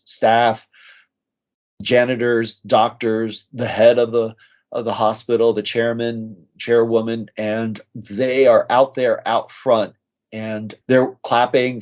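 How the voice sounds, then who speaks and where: A man's voice: medium pitch, darkish tone. Earnest man telling stories, muffled audio. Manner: earnest, moved, acts out quoted voices. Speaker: nurse practitioner guest. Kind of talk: conversational storytelling.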